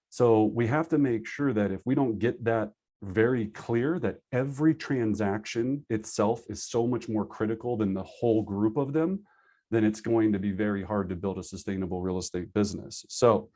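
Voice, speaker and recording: Energetic man coaching over a video call. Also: fairly low pitch. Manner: acts out agents' excuses in quick asides. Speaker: real estate sales trainer. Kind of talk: live online training class.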